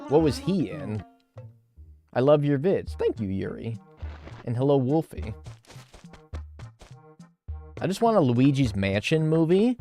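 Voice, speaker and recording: A man's voice: mid-range voice, a little mellow. A man streaming a game, reading chat aloud and riffing on it with casual swearing.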